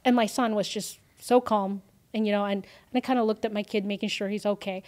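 A woman's voice: mid-range voice, fairly quick. A woman, a guest in an interview, telling an emotional personal story with many fillers and acted-out quotes. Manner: animated, lots of fillers, acts out quoted lines.

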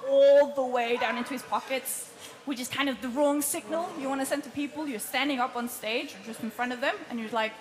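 A woman coaching a group on presenting, chatty and lively, often laughing between points. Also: sits high, fairly quick. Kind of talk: workshop teaching.

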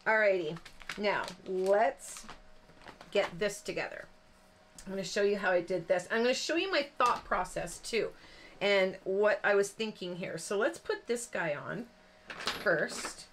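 A woman's voice: medium pitch, expressive, measured pace, fairly bright tone. A chatty woman talks through a card-making demo in a mid-range voice, rambling and joking at her own expense. A faint hiss of background noise sits under her voice. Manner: chatty, rambling, self-deprecating with frequent fillers. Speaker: card-making tutorial host. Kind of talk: casual crafting demonstration.

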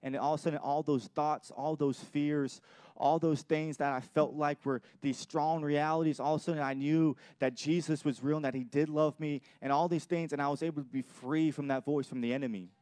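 A man's voice: on the high side, fairly even intonation, a little fast, a little mellow, dry recording. Earnest young man preaching, dry sound. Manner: earnest, repeats and restarts phrases. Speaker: pastor. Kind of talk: sermon with personal testimony. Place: church.

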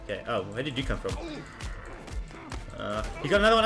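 Excitable gamer guy, bright voice bouncing all over, laughing and yelling at the characters, faint music behind. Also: mid-range voice, moderate pace. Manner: excitable, laughs often, talks to game characters. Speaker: gameplay commentator. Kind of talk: let's play commentary.

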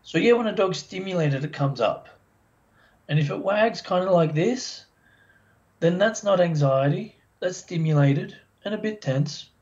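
A man's voice: sits high, unhurried. Chatty man on a dull recording. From Australia. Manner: chatty, animated storyteller who acts out owners' voices. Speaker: dog behaviour expert guest. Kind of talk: casual podcast interview. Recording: dull lo-fi sound.

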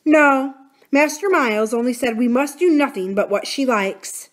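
A woman's voice: high voice, lively intonation, moderate pace, voice pushed up. A woman reading aloud, voicing a kindly, anxious middle-aged housekeeper who asks startled, earnest questions.

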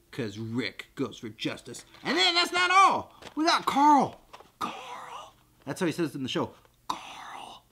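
A goofy, excitable man hosting an unboxing vlog with jokey chatter. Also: high voice, a little hiss or hum.

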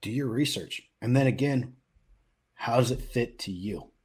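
Husky middle-aged man, casual podcast host. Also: medium pitch, moderate pace, darkish tone. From West Coast of the US. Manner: conversational, many fillers and restarts. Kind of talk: casual chat.

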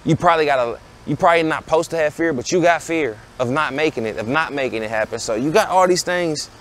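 A man's voice: fairly high pitch, fast, fairly bright tone, slight background noise. A man around thirty, hosting a podcast and giving blunt, preachy life advice in a casual monologue that keeps circling back to rhetorical questions. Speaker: podcast host.

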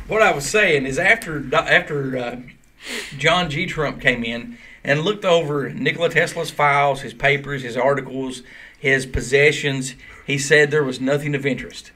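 Speaking at a moderate pace in a bright, forceful mid-range voice, this podcast host chats casually and gives long, loose explanations.

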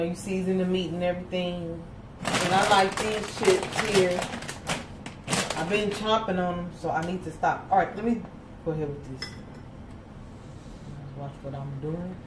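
A woman's voice: on the low side, unhurried, pauses often, heavy background noise. Chatty woman cooking, far from mic. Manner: chatty, folksy, talks to viewers as y'all. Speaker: home cook host. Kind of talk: casual cooking chat. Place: home kitchen. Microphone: camera set off to the side. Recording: roomy kitchen audio from a distance.

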